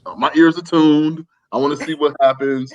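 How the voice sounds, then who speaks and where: A man's voice: a little high, fairly even intonation, normal speed, a little mellow, dull audio. A man co-hosting a podcast, chatting loosely with hedging slang and restarts. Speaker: podcast co-host. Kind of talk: casual chat.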